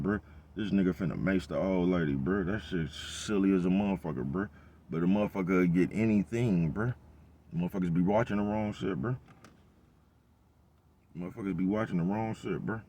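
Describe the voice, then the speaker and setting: Low and dark-toned, this vlogger's voice carries a rambling, casual monologue laced with profane street slang and a steady stream of "bruh" and "you know what I'm talking about."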